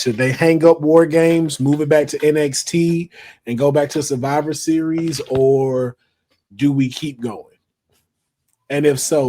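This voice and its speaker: A man's voice: mid-range voice, darkish tone, no room sound. A man co-hosting a wrestling podcast in casual chat, teasing and playful. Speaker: podcast co-host.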